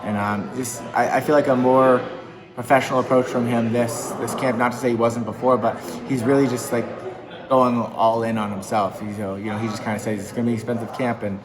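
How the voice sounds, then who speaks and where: A man's voice: mid-range voice, little pitch movement, fairly quick, a crowd in the background, rough recording. A man who coaches MMA, talking casually and upbeat in an interview, with lots of fillers. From New England.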